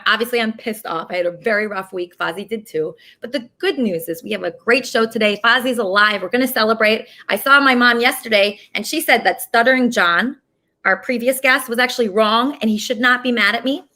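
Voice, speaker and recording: A young woman hosts a casual online show, talking straight to the camera. Her voice is bright and forceful, pitched a bit high. She rants indignantly, swearing as she goes. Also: fairly quick. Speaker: host. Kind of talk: casual video monologue.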